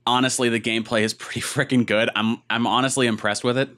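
A man's voice: medium pitch, level tone, quick pace, fairly bright tone. A man co-hosting a casual gaming podcast, rambling through stories and acting out what other people said. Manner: rambling storyteller who acts out other people's lines. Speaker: podcast co-host.

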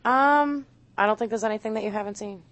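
A woman's voice: on the high side, quick pace, a bit bright, no echo, muffled recording. A woman co-hosting a radio talk show, mostly answering briefly and agreeing. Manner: short agreeing replies.

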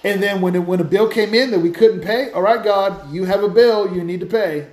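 A man hosting a Christian podcast, telling stories in a lively, casual way with many restarts. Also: high-pitched, brisk, roomy sound. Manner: animated storytelling with many restarts. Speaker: podcast host, Christian speaker. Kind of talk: casual faith talk.

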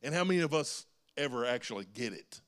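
A man's voice: medium pitch, expressive, quick pace. A man preaching a sermon in a church, earnest and rising to emphatic calls. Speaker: pastor. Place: church sanctuary.

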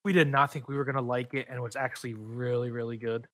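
A man's voice: medium pitch, flat delivery, fast, a bit bright, no room sound. A man co-hosting a casual beer podcast, teasing and joking with his friends. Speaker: podcast co-host.

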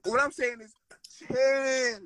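A young man rants on a live stream, worked up and swearing, hammering the same words again and again. His voice sits very high for a man, well above the usual male range. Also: lively intonation, quick pace. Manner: worked-up, ranting, repeats himself, swears. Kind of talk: heated live stream rant.

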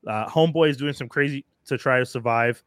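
A man's voice: medium pitch, a little fast, a bit bright, clear, resonant tone, no echo, clean studio sound. A man co-hosting a podcast, chatting casually and with enthusiasm about shows and actors. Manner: enthusiastic, talkative, slangy. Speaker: podcast co-host. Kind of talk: casual chat.

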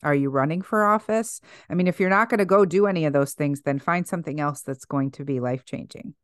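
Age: adult. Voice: low, dry, emphatic woman podcast host. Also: fast talker, dry recording. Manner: emphatic, exhorting, many fillers. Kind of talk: casual faith podcast chat.

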